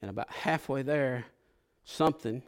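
A man's voice: mid-range voice, normal speed. Emotional preacher, man. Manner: emotional, conversational preaching that swings from hushed to fervent. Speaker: pastor. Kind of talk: sermon.

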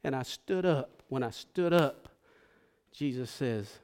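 A man's voice: medium pitch, lively intonation, slow, smooth. Emotional preacher, man. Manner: emotional, conversational preaching that swings from hushed to fervent. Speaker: pastor. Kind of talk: sermon.

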